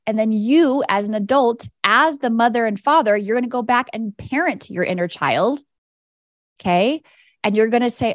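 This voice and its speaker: A woman who hosts a spiritual coaching podcast and works as an energy coach guides listeners through inner-child work, soothing, direct, and casual. Her voice is a little high at normal speed. No room sound, studio quality.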